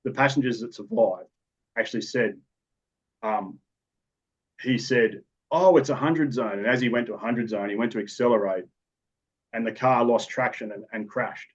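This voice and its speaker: A man's voice: lowish voice, steady tone, normal speed, long pauses. A man with an Australian accent, a police officer telling stories from the job in a podcast interview, in a matter-of-fact, rambling way with restarts. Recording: dull lo-fi recording.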